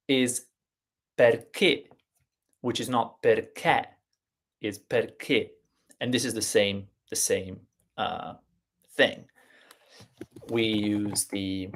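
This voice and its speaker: Slow, gravelly-voiced man teaching. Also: medium pitch. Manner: unhurried explaining with many fillers and restarts. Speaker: Italian teacher. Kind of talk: live online language lesson.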